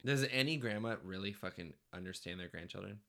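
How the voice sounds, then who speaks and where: A man's voice: low-pitched, brisk, creaky, sharp tone. A man in his thirties co-hosting a podcast, making crude, goofy jokes in casual chat. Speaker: podcast co-host.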